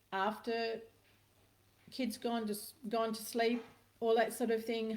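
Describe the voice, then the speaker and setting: A woman's voice: mid-range voice, a little mellow. Middle-aged woman, spiritual healer, live-stream host. Casual, storytelling, emphatic. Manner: chatty storyteller, addresses viewers by name, emphatic repetitions. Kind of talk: casual live-stream talk answering viewer comments.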